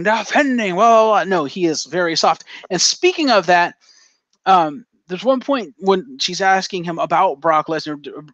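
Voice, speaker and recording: A man's voice: a little high, fairly bright tone, no echo. A man co-hosting a casual podcast, telling a story with energy and swearing freely. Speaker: podcast co-host. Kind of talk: casual chat. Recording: dull lo-fi dry sound.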